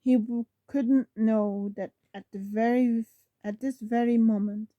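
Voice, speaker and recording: A woman reading a novel aloud, slowly, often stumbling over words and correcting herself. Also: on the high side, steady tone, no echo, muffled recording. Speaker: reader.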